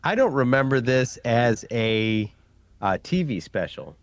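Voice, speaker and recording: A man's voice: medium pitch, big pitch swings, unhurried, no room sound, clean studio sound. A man in his forties in a casual chat, talking in a chatty way and often correcting himself.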